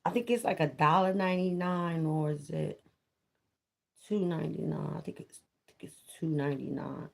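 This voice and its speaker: A woman's voice: sits low, normal speed, gravelly. A woman chatting casually to her viewers on a live stream, repeating herself and swearing freely. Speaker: vlogger on a livestream.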